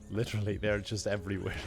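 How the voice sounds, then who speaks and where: Chatty man with a gravelly voice. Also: fairly low pitch, flat delivery, brisk, over music. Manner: chatty, laughs often, reads out donations. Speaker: streamer. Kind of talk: casual live-stream chat while gaming.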